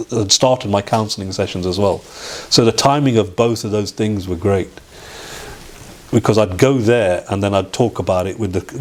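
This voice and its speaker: A man's voice: fairly low pitch, a little mellow. Man telling his story. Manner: halting, with restarts and acted-out quoted dialogue. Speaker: interview guest. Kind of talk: personal storytelling.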